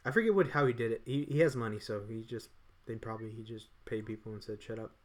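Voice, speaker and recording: A man's voice: medium pitch, fast talker. Rambling casual man chatting. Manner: rambling, loose, with many restarts. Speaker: podcast co-host. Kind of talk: casual chat.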